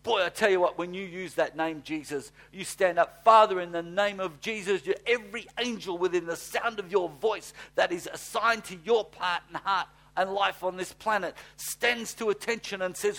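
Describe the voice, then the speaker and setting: A fiery preacher with a somewhat high-pitched voice. He drops to quiet, drawn-out scripture reading, then climbs into loud, fired-up exhortation. Blunt, folksy asides run through the whole sermon. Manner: fiery, swings from hushed to shouting. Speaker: pastor.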